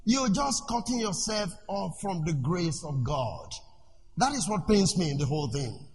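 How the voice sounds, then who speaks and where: A male preacher giving a sermon in an animated way. He asks the congregation questions and lets them finish his sentences. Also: sits high, moderate pace, soft background music. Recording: echoey hall with faint noise.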